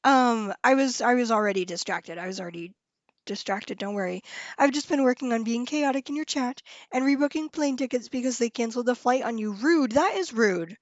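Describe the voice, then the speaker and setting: A woman's voice: on the high side, a little fast, dry recording. Bubbly young woman chatting on a stream. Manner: bubbly and excitable, often trailing off, restarting and laughing. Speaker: live streamer. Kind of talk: casual live-stream chat with viewers. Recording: dull lo-fi sound, dry room.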